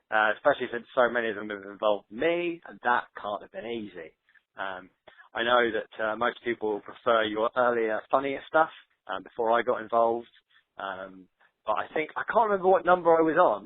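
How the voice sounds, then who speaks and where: A man's voice: medium pitch, dry recording. Man, rambling self-deprecating voicemail, tinny dry phone sound. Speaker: caller leaving a voicemail. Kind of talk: casual voicemail.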